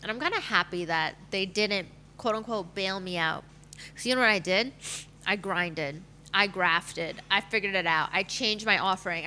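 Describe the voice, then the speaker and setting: A woman in her thirties shares her personal story as a podcast guest, talking candidly with plenty of fillers. Her voice is bright and forceful. A faint hum sits under the recording. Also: mid-range voice. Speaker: guest, matchmaker.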